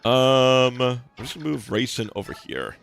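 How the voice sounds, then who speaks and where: A man's voice: mid-range voice, moderate pace, gravelly, fairly bright tone. A young man giving casual, rambling commentary while streaming a video game, with lots of fillers and restarts. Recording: faint game music behind.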